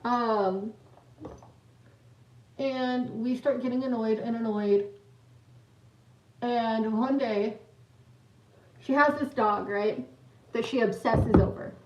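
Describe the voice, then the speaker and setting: Slow-talking young woman, echoey and distant. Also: on the high side, steady tone, darkish tone. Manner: rambling, giggly storyteller who greets chat viewers. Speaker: livestreamer. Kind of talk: casual storytime chat on a livestream. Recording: echoey room, mic at a distance, dull lo-fi sound.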